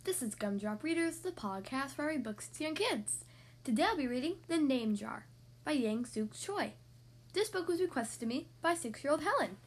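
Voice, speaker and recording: A woman hosting a podcast, reading a picture book aloud to young children in a gentle, expressive way. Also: high voice, moderate pace. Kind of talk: storybook read-aloud for young kids.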